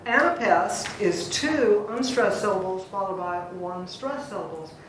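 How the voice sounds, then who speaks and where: A woman's voice: mid-range voice, measured pace, slight background noise. A woman teaching a poetry class, chatty and drawing out words to show the stress. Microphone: distant recorder. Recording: echoey room from far off.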